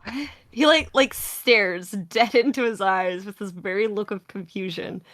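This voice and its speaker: A woman's voice: medium pitch, unhurried, fairly bright tone, dry recording. A woman narrating a tabletop role-play scene in a casual, laughing, swearing way.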